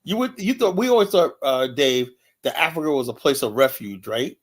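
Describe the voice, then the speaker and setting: A man's voice: medium pitch, fairly quick. Talkative New York man. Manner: animated, rambling, frequent "you know". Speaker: show host. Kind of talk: casual opinion chat.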